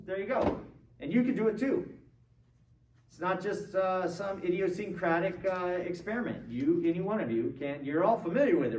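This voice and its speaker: A man with a fairly high-pitched, darkish-toned voice lectures on philosophy, keeping it conversational by quizzing his students and checking in often. The roomy classroom, distant mic and faint noise shape the recording.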